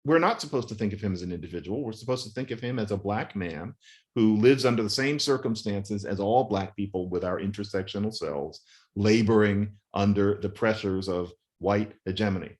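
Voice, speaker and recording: Man, low voice, emphatic wry interview guest. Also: fairly quick. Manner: emphatic, wry, builds long spoken arguments. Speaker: author and guest. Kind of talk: interview, animated argument.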